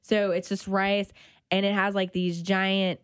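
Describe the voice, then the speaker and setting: A woman's voice: mid-range voice, unhurried, smooth, no room sound, studio quality. A woman hosting a local radio food show, chatting casually about restaurants and dishes she tried. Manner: chatty, animated about food, self-conscious laughs. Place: radio studio.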